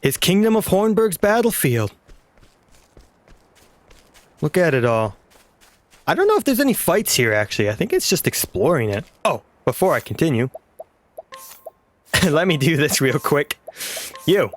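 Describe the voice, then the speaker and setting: A man's voice: a little high, big pitch swings, a little slow, pauses often, a little hiss or hum. A man casually commenting on a video game he plays, rambling and trailing off. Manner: rambling, chuckling, trails off mid-sentence. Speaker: let's play host.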